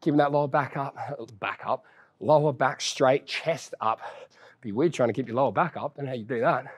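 A man's voice: medium pitch, brisk, slightly rough. A young man leading a follow-along workout, encouraging and counting down reps while he exercises and gets out of breath. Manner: upbeat encouraging, counts reps down, casual banter. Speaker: fitness trainer.

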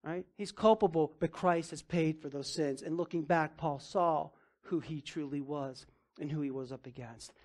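A man preaching a sermon as pastor, emphatic, with casual asides, swinging from loud and urgent down to low and quiet. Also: moderate pace. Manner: emphatic, rising to near-shouting then dropping low.

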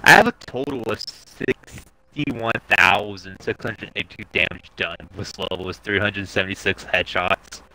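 A young man streaming a game, chatting casually, laughing often and swearing as he rambles excitedly. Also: sits low, moderate pace, slight background noise, poor audio. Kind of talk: casual gaming chat.

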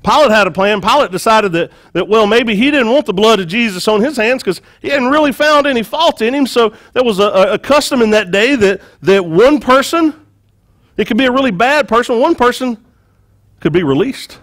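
A man preaching a sermon, retelling a story with lively acted-out quotes and frequent repeated words. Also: very high-pitched, fairly quick. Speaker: pastor.

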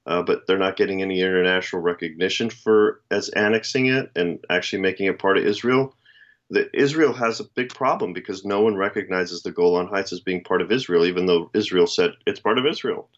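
Low-voiced man in a dull lo-fi recording. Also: brisk. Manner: rambling, emphatic, and sardonic. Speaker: co-host. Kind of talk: political commentary chat.

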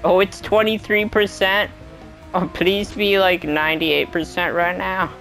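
A gaming channel host giving live gameplay commentary, talking to themself and the game and exclaiming loudly at every crash. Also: medium pitch, a little slow, vocal fry, soft background music. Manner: excitable, yelps and exclaims at crashes; talks to self and to the game.

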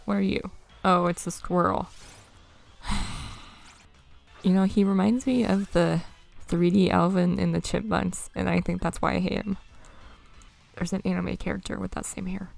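Wry young woman with vocal fry. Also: on the low side, level tone, normal speed, long pauses, a little mellow, faint music behind. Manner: chatty, wry running reactions to the game. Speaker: let's play gamer. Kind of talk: casual gameplay commentary.

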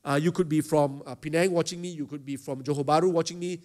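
A man's voice: a little high, steady tone, quick pace, darkish tone. A middle-aged man, a pastor teaching a chapel talk to secondary school students. He asks them questions and often hesitates with fillers.

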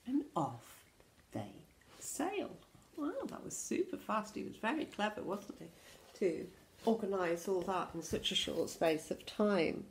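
Slow gravelly woman reading to children. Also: medium pitch, expressive, a little hiss or hum. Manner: slow, hushed asides pointing at pictures. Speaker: infant school teacher. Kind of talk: reading a picture book to children.

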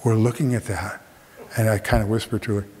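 A man's voice: on the low side, fairly quick, a little hiss or hum. Man telling a funny story on stage. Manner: animated, acts out other people's voices. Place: theater stage. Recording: long theater reverb.

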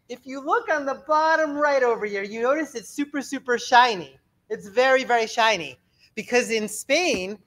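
A man, a rabbi, giving an energetic lecture with slides, telling stories and repeating words for emphasis. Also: very high voice.

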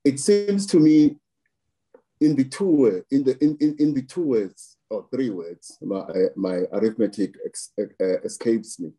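A man from South Africa giving political commentary in an interview, slow and deliberate, weighing his words with occasional restarts. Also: medium pitch, dark tone, slightly rough, poor audio. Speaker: political analyst.

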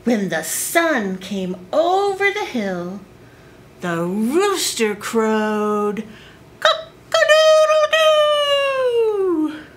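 A woman librarian reading picture books aloud to small children at story time, slow and expressive. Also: medium pitch, a little hiss or hum.

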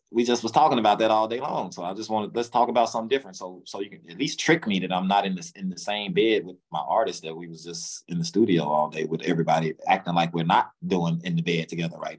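A middle-aged man, an interview guest, telling his story casually in slangy speech, acting out quotes with sudden jumps in pitch. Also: quick pace, slightly rough. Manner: loose, slangy, lots of restarts.

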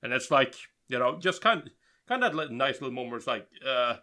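Bright-voiced man, relaxed chat. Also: mid-range voice, fast talker. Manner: relaxed, rambling, many restarts. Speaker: podcast co-host. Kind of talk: casual chat.

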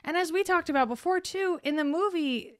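A woman's voice: very high-pitched, a little fast, fairly bright tone, no echo, studio quality. A young adult woman co-hosting a podcast in casual chat, chiming in with agreement and swearing freely. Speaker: podcast co-host.

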